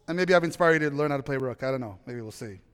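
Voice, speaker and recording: A man preaching a sermon, telling stories animatedly, with loud bursts of emphasis and quiet asides. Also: mid-range voice, expressive, racing, clean tone. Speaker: pastor. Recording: long hall reverb.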